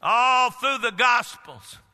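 A male pastor preaches emphatically, his voice pitched high and ringing with a very bright, sharp edge. He weaves plain storytelling into forceful declarations. The sound carries a long reverb, as if recorded in a large church sanctuary. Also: animated, takes it slowly, smooth. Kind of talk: sermon.

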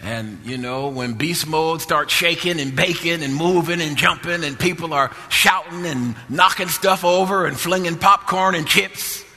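A fairly high, bright male voice delivers a sermon with an impassioned, repetitive preaching cadence. The sound carries the long reverb of a church hall. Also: a little slow, hardly any pauses, soft background music.

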